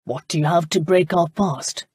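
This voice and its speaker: Woman doing a cool, clipped aristocrat holding his temper; dry, husky delivery. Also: on the low side, normal speed, a little mellow, no echo. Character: proud, controlled English duke and diplomat. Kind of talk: audiobook character voice.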